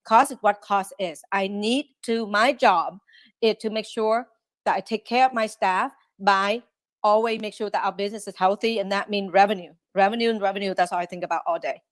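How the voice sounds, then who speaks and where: A woman running a restaurant, a guest on a podcast interview, talking in an animated way and often acting out quick quotes. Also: mid-range voice, dry recording. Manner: animated, quotes herself and staff in lively asides.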